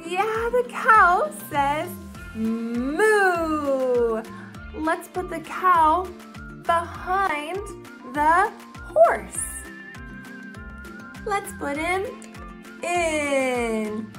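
Very high, slow sing-song toddler teacher woman. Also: a bit bright. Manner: exaggerated, encouraging, drawn-out words. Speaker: children's educational video host.

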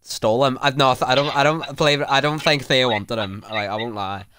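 A man cracking quick, mocking one-liners in a game roleplay court. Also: medium pitch, steady tone, a crowd in the background.

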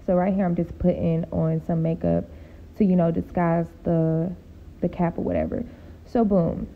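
Tired, gravelly-voiced woman vlogger. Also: expressive, normal speed, phone-quality sound. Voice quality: deep gravelly voice. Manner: laid-back, chatty, sleepy late-night talk. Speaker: beauty vlogger. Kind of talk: casual voice-over chat. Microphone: home voice-over mic.

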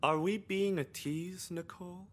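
An actor playing a predatory male school staff member who taunts a student in a smooth, insinuating way. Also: high-pitched, fairly even intonation, measured pace. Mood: sly, taunting. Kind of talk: video game voice acting.

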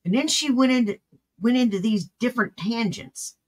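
A commentator reacts to a stream with blunt, exasperated remarks. The voice is husky and slightly rough. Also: mid-range voice, normal speed, darkish tone.

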